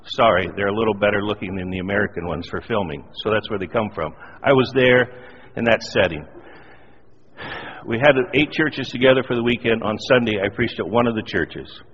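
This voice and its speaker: A middle-aged man preaching a sermon, telling a personal story with animated, self-deprecating humor. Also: fairly low pitch, brisk, breathy edge. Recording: dull lo-fi audio in a reverberant hall.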